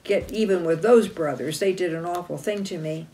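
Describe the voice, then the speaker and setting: A woman voicing a young man who has been sold as a slave and who speaks calmly and earnestly. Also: fairly low pitch, normal speed, far from the mic, natural voice.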